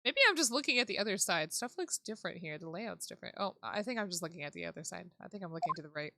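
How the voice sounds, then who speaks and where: A woman's voice: on the low side, lively intonation, very fast, creaky, sharp tone, no echo. A woman streaming a detective game who chats casually, thinks aloud, swears freely and laughs often. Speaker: VTuber streamer.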